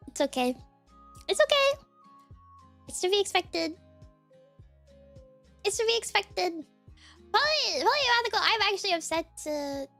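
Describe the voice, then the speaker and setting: A woman streamer with a high, somewhat bright voice that's a bit worn chats casually with her viewers. She's giggly and teasing, rambling with fillers and rattling off names from chat rapidly.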